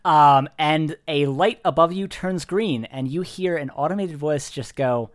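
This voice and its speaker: A man narrating as game master, energetic and quick to laugh, rattling through rules explanations. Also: a little high, no room sound, studio quality.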